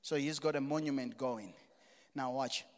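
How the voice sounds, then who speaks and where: A middle-aged man preaching a sermon as pastor, moving from quiet asides to loud exclamations. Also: medium pitch, moderate pace. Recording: reverberant hall.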